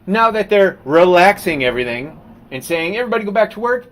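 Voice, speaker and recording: Sitting at his desk on a live stream, a painter talks in a high-pitched, racing, somewhat bright voice. His rambling monologue is theatrical and self-deprecating, punctuated by rants and passages read aloud.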